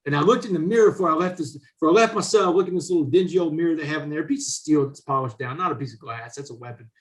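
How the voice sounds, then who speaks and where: Animated man, tells stories. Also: on the high side, racing. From Southeast Texas, USA. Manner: animated, drops "man" into nearly every sentence. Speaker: podcast guest, author and speaker. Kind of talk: casual storytelling.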